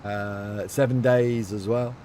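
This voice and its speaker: A man's voice: on the low side, fairly even intonation, slow pace, dark tone, slight background noise. Chatty man streaming a game. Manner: chatty, reads out and answers chat. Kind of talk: casual live-stream chat.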